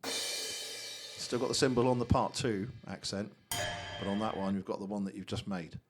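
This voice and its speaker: A man casually walking through a software tutorial, chatty and thinking aloud. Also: fairly low pitch, steady tone, normal speed, music in the background. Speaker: tutorial host.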